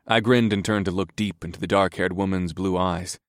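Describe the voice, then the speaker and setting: A male narrator reading a first-person fantasy audiobook, steady and even in his storytelling. His voice sits low, and the recording is close and dry, with no room sound. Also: fairly quick, dry recording.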